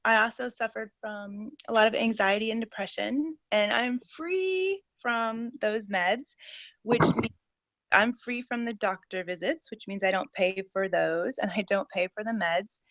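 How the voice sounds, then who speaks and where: A woman's voice: mid-range voice, a little slow, a bit bright, no echo. Eager woman on a dull, lo-fi line. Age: 40s. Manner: eager and rambling, with many fillers. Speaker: caller giving a testimony. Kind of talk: personal testimony on a call. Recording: dull, lo-fi and dry.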